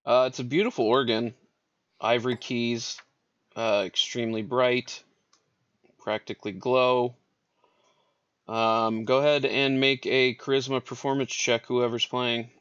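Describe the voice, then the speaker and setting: A man narrating as dungeon master, describing scenes with many fillers and pauses. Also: mid-range voice, flat delivery, fairly bright tone, smooth, no room sound, highs cut off. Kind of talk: narrating a tabletop game.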